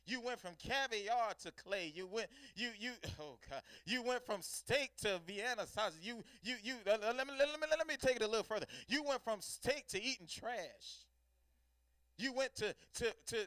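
Male preacher, fervent call-and-response sermon, high and bright voice. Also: dry recording, studio quality.

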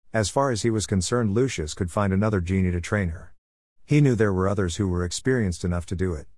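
In a dry, close recording with no room echo, a low-voiced male narrator reads a story chapter aloud. His delivery is even and measured, in the style of an audiobook.

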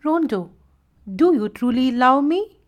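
A woman voicing a worried, loving lioness mother who pleads gently but firmly. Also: high-pitched, lively intonation, measured pace. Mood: gentle.

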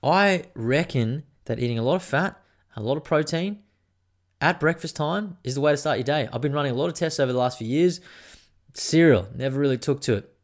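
A man's voice: a little high, lively intonation, fairly quick. A man, rambling and joking through a casual solo podcast, swearing freely. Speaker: podcast host.

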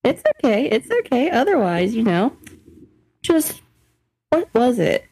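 A woman's voice: on the high side, very animated, unhurried, a little mellow, slightly rough, no room sound, low-quality recording. A young millennial woman co-hosting a casual podcast, teasing and crude, laughing often. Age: young adult. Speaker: co-host.

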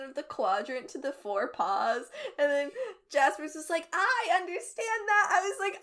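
Young woman, casual chat, excitable, gushing, laughs a lot, slightly high pitch. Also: moderate pace. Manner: gushing, emotional, laughs often. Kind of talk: casual fan podcast chat.

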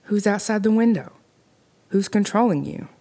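A woman's voice: deep voice, lively intonation, a little slow, a little mellow. A woman voicing a small, frightened girl in a horror story, speaking timidly with a trembling voice.

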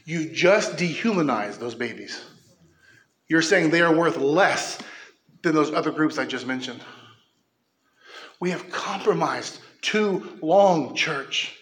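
A man delivers a sermon from the pulpit as pastor. His voice sits a little high for a man, and the church around him rings with echo. He races through asides, then slows into emphatic, impassioned declarations. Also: expressive, fairly bright tone.

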